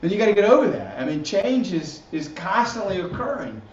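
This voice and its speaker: A man's voice: high voice, very animated, brisk, slight background noise. A man teaching a church class in a casual, repetitive way, restarting phrases and tagging points with "right?". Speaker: ministry teacher. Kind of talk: recorded teaching session. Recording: roomy, distant, dull lo-fi audio.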